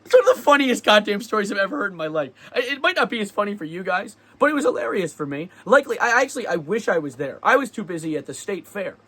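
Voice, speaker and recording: High-voiced young man telling a story. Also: fast talker, hardly any pauses. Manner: animated, laughing, sarcastic storyteller. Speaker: vlogger. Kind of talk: casual storytelling vlog.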